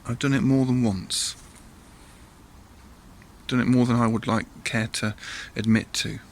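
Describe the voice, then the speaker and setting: A man's voice: medium pitch, steady tone, measured pace, a little hiss or hum. A man leading a church all-age talk, telling a Bible story in a chatty way with asides to listeners and acted voices.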